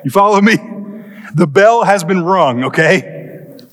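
A man with a high voice tells a comic story from the pulpit, racing ahead and then stretching words out slowly. His voice rings with the long reverb of a church hall. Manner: animated, comic storytelling with quick bursts and drawn-out pauses. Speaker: pastor. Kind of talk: storytelling sermon.

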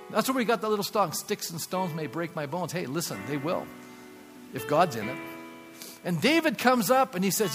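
A man's voice: sits high, expressive, fairly quick, big-room sound, music in the background. A man preaching a sermon as pastor, speaking emphatically and acting out quotes, recorded in a church sanctuary.

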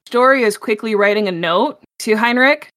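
A woman narrates her character's actions in a tabletop game in a brief, matter-of-fact way. Her voice sits somewhat high for a woman. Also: moderate pace, fairly bright tone. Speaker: player. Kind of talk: tabletop role-play narration.

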